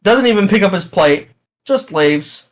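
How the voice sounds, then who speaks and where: A man narrating and running a tabletop game as game master, in a relaxed, halting way. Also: high-pitched.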